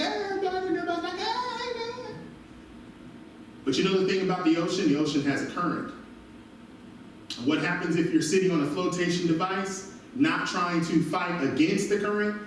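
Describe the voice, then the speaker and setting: A male pastor preaching an animated sermon, recorded from a distance in a church. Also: on the high side, a little hiss or hum. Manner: animated preaching with call-and-response asides. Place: church sanctuary. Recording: very echoey church from far off.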